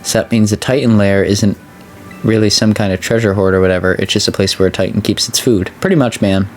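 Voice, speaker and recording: A man hosting a let's play, chatting casually and excitably as he plays. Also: a little fast, faint music behind. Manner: chatty, excitable, voice jumps high when excited. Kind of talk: casual gameplay commentary.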